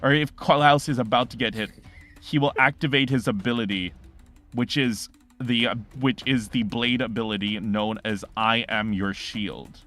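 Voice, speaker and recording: A man running an online tabletop game as game master, narrating the scene with drama in a mid-pitched voice. He often stops to search for the right word before pushing on. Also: fairly even intonation, normal speed, fairly bright tone, faint music behind.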